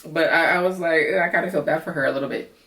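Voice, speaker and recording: A woman with a low voice and fairly bright tone talks fast, giving a blunt, profane, sassy recap of a reality show. She's in her apartment at night with noisy renovations going on upstairs, and the distant mic makes the room sound echoey.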